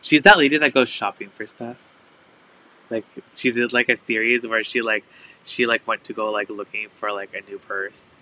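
A man's voice: on the low side, steady tone, normal speed, pushed and bright, slight background noise, low-quality recording. A man hosting a live resale stream, chatting casually and filling his talk with "like". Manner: chatty, full of "like" fillers. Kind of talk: casual live sales chat.

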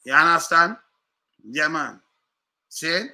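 A man's voice: on the high side, slow pace, bright, forceful tone. A man with a Jamaican accent ranting to his viewers, repeating himself and firing rhetorical questions. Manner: repetitive, fired-up, rhetorical questions. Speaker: commentator. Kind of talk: casual rant to viewers.

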